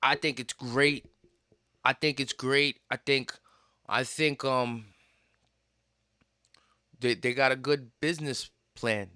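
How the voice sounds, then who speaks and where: Brash, bright-voiced New man. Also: mid-range voice, slow, long pauses, no room sound, studio quality. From Puerto Rican, raised in New York. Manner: animated, slangy storytelling with swearing. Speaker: podcast host. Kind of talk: casual podcast chat.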